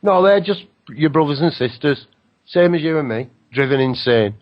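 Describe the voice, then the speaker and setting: A man hosting a casual radio talk show, joking and rambling with an animated, mocking manner. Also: fairly high pitch, normal speed, dry recording, dull audio. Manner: animated, jokey, rambling with laughs.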